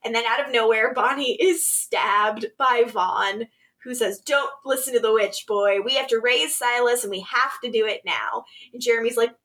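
A woman co-hosting a podcast, casually recapping episodes, animated and laughing often as she acts out quotes. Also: a little high, moderate pace. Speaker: podcast co-host.

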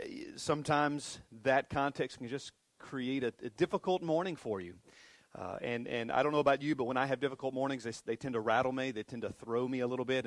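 A man's voice: medium pitch, dry recording. A middle-aged man preaching as a pastor, talking casually with many restarts and self-deprecating asides. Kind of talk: sermon. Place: church sanctuary.

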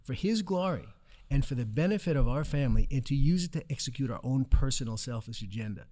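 A man's voice: mid-range voice, animated, fast, dark tone. A man teaching from scripture in a casual discussion, earnest and explanatory, telling stories to make his point.

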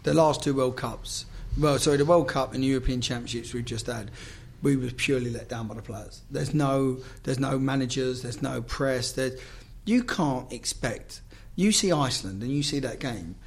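A man's voice: mid-range voice, normal speed, vocal fry, few pauses. A man, a former footballer, telling stories in casual chat, swearing freely and acting out the dialogue.

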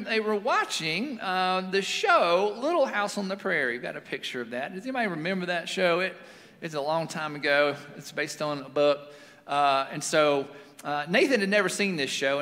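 Man, forties, pastor, chatty sermon storytelling, fairly high, bright tone. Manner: conversational storytelling with fillers. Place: church sanctuary. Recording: long reverb of a large hall.

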